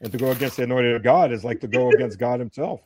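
A man talking casually about politics with another man. He speaks in an animated way, often laughs, and trails off and restarts his sentences. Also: mid-range voice, quick pace.

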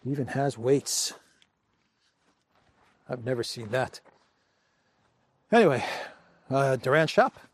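A man's voice: medium pitch, lively intonation, slow pace, pauses often. A man hosting a political commentary show, talking casually and wryly, chuckling, with loose restarts.

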